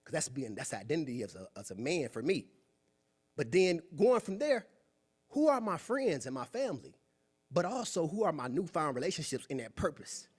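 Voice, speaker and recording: A young man giving a preachy, animated motivational talk at a club meeting, acting out quoted voices. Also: a little high, normal speed, husky. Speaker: guest speaker. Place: meeting room.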